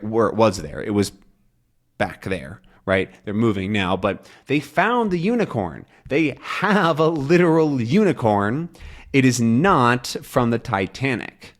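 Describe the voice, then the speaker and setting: A young man teaching English, explaining a comic slowly and clearly, rephrasing as he goes. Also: mid-range voice, sing-song. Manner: slow, clear, repeats and rephrases.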